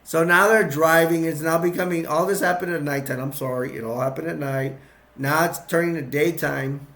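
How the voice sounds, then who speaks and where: A man casually retelling a movie plot, rambling and excitable, with restarts and sound effects. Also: on the high side, normal speed. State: sugar-boosted, energetic. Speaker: movie recap vlogger.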